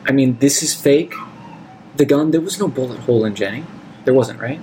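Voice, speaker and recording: A man's voice: medium pitch, brisk, a little mellow, slight background noise, poor audio. A man playing a tabletop role-playing game, reasoning aloud and repeating himself. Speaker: player.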